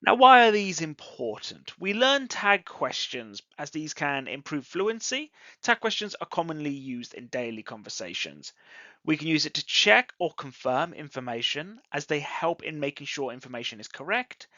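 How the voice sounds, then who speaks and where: An English teacher giving a scripted online grammar lesson, deliberately acting out example sentences with exaggerated rising and falling intonation. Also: mid-range voice, big pitch swings, pushed and bright, dry recording. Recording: dull lo-fi audio, dry close sound.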